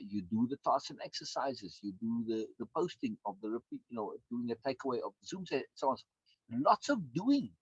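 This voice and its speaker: In a medium-pitched voice with a breathy edge, a course instructor and coach delivers a recorded lecture, free of echo. His style is emphatic, full of repeated words and frequent tag questions, captured in dull, dry lo-fi sound.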